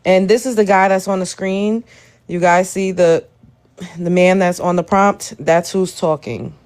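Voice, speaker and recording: A woman's voice: lowish voice, fairly even intonation, unhurried, darkish tone, clear, resonant tone. A woman hosting a live stream, reacting to a video and talking straight to her chat in an exasperated way. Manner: exasperated, addresses chat directly. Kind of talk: casual live stream commentary.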